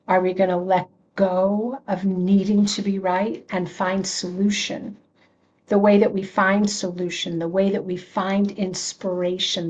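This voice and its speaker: A woman's voice: mid-range voice, a little mellow. A woman reverend leading an online prayer circle, talking in a loose, conversational way, restarting phrases, laughing often and answering comments from viewers. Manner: reads and answers chat comments. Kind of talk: informal spiritual talk.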